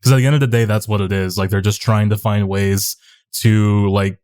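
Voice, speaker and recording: A man's voice: fairly low pitch, steady tone, a little fast, a little mellow, clear, resonant tone. A man guesting on a podcast, telling rambling stories in casual chat, full of "like" fillers. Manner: rambling storyteller, many "like" fillers.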